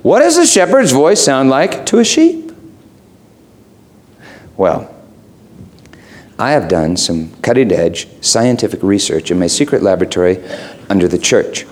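A middle-aged pastor delivers a sermon with a lively, bouncing delivery. His pitch jumps around as he moves between hushed asides and excited emphasis, and his tone stays playful and conversational. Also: unhurried, long pauses. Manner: animated, playful, swings from low asides to high excited emphasis.

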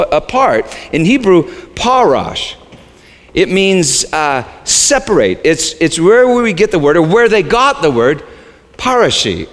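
A man preaching a sermon as the pastor, shifting between quiet low asides and sudden high, shouted lines. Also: in a large hall.

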